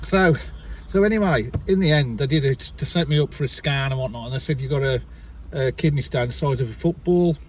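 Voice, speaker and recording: A man's voice: mid-range voice, fairly quick, a little mellow, distant mic, slight background noise. A man telling a long story in casual chat, rambling and swearing freely, recorded inside a car. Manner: rambling, keeps restarting with "so anyway". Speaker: vlogger.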